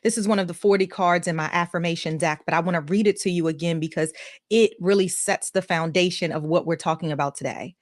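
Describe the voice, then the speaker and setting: A woman's voice: fairly low pitch, fast, no room sound, clean studio sound. A woman hosting a live coaching stream, enthusiastic and upbeat, with a folksy way of talking. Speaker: host and life coach. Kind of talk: energetic live-stream talk.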